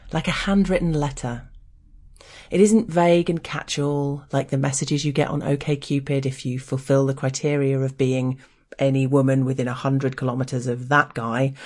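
A woman's voice: rumbling low, a little mellow. An Englishwoman reading her own frank personal essay aloud in a wry, candid, playful way.

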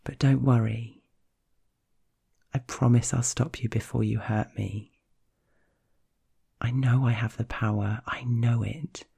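A man voicing a shy, tender young woman, nervous but eager, speaking soft and half-whispered. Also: medium pitch, fairly even intonation, slow, vocal fry, long pauses, slightly rough, exaggerated voice.

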